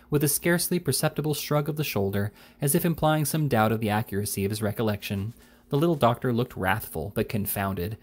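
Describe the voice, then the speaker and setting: A man reading a classic novel aloud in a measured, unhurried way. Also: mid-range voice, darkish tone. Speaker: reader.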